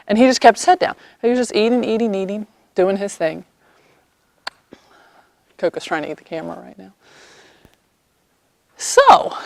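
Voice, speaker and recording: A woman equine therapy practitioner, an animated storyteller who acts out the people in her story, recorded outdoors by horses on a camera mic. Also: on the high side, no echo. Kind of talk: storytelling vlog.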